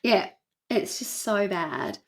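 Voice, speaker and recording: A woman co-hosting a podcast, earnestly retelling a documentary in casual chat, speeding up for asides and slowing down for emphasis. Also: medium pitch, animated, gravelly. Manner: earnest, shifting between quick asides and slow emphasis. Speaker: podcast co-host.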